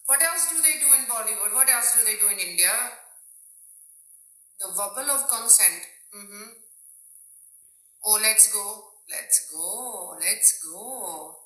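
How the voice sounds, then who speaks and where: Bright, playful woman live-streaming. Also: a little high, unhurried, long pauses, reverberant, low-quality recording. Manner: playful, joking, laughs at her own jokes; addresses viewers directly. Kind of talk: casual live-stream chat.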